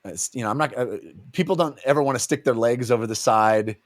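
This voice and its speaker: A man talks through a book's chapters in a relaxed, chatty way, with his voice at a middle pitch. He often jumps into goofy, exaggerated voices to act out the characters. The sound is dry and close, with no room echo. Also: quick pace. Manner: animated, acts out characters' lines in goofy voices. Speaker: podcast co-host. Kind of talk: casual book discussion.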